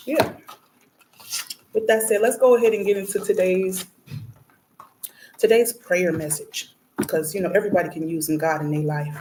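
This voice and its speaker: A woman's voice: lowish voice, noisy background. A woman hosting a spiritual reading and prayer message, talking casually and bluntly to viewers, swearing and laughing as she rambles. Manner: blunt and profane, laughing, animated when ranting.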